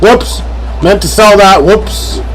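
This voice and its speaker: A man streaming a strategy game live, ranting, swearing and yelling at an in-game character. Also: high-pitched, slow pace, low-quality recording. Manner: yells and swears at an in-game advisor; hotheaded, profane, joking rants.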